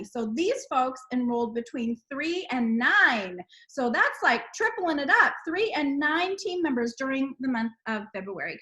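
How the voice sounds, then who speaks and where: A woman hosting a team call, reading out names with bubbly excitement and frequent exclamations. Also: high voice, poor audio. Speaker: host of a team sales call. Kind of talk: upbeat recognition call.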